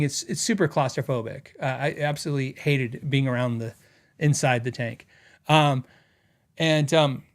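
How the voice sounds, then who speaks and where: A man's voice: a little high, fairly bright tone. A middle-aged man hosting a casual podcast, telling stories in a rambling way with lots of fillers as he reads out viewer comments. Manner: rambling storytelling with frequent fillers and laughs. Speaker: podcast host.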